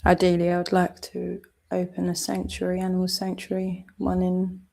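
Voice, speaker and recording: A woman's voice: on the low side, completely flat delivery, a little fast, gravelly, darkish tone. A British woman with a southeast English accent, delivering a heated, accusatory vlog rant full of swearing. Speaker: channel owner.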